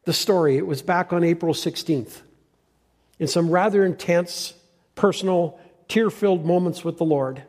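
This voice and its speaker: An older male pastor gives an earnest farewell sermon in a fairly high voice with a dark, mellow tone. He often stops and restarts his thoughts. His words ring out with the long reverb of a church hall. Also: normal speed.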